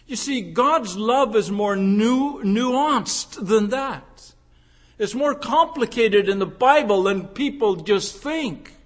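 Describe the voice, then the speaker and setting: Slow, high-voiced man preaching a sermon. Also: lively intonation. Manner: rhetorical questions, swelling from hushed to fervent. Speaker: pastor.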